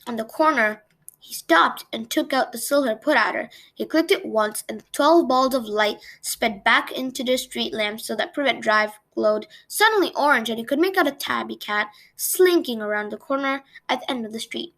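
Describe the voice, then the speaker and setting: A woman reading a novel aloud in a plain, steady storytelling manner for her channel. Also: fairly high pitch, normal speed. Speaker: read-aloud channel host.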